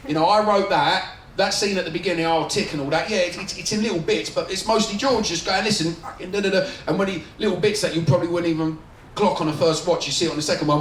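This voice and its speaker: A man's voice: high-pitched, fairly even intonation, fast talker. A man, a film director at a festival Q&A, rambling, swearing and laughing as he talks. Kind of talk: festival Q&A after a screening. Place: screening venue with an audience. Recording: roomy, distant, audience and noise behind.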